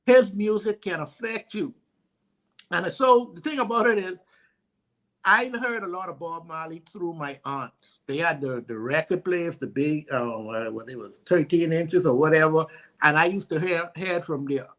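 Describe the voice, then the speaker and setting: A Bahamian man co-hosting a casual talk show, telling stories in an animated way and often restarting his words. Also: a little high, moderate pace. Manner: animated storyteller, stutters on restarts. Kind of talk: casual chat.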